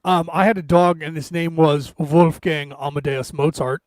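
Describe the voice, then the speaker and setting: A podcast co-host, male with a high voice, tells stories in animated fashion, acting out quotes during casual storytelling chat. He speaks at normal speed over a video call mic, with no room sound.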